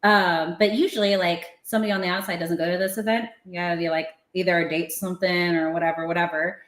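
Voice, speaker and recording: A woman's voice: on the low side, fast talker, echoey room. A woman telling a story in casual chat, laughing often and acting out what people said. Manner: animated, laughing, acting out quotes. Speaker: podcast guest.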